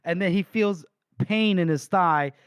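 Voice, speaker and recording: A man's voice: high-pitched, a little slow, clean tone, dry recording. A man co-hosting a podcast, casually retelling a book chapter with laughs, swearing and acted-out quotes. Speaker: podcast co-host.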